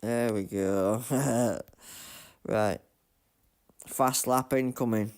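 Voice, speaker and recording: Slow-talking man muttering over gameplay. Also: medium pitch, clean tone. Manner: mutters to himself while playing, loud self-mocking outbursts. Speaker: gaming streamer. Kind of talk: live gameplay commentary.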